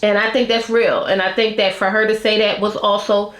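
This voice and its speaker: A woman's voice: medium pitch, flat delivery, brisk, a bit bright. Chatty woman vlogger in a roomy room. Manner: chatty and candid, slangy, laughs often. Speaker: vlogger reviewing a reality show. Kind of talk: casual chat to camera. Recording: roomy echo.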